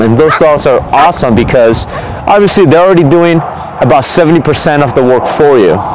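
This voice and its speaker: A man's voice: fairly high pitch, slight background noise, low-quality recording. Casual man explaining dog training outdoors. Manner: relaxed, conversational, frequent "okay?" check-ins. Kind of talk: casual instructional talk.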